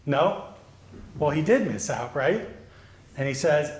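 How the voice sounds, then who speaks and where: A male pastor giving a children's sermon, gently asking the children questions and answering them. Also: on the high side, animated, takes it slowly. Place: church sanctuary. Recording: echoey church.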